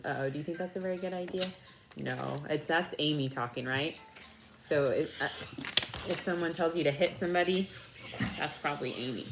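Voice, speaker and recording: A woman's voice: sits low, fairly quick, noisy background. A woman reading a picture book aloud to a child at home, stopping to explain and ask questions. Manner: gentle teaching asides between read lines.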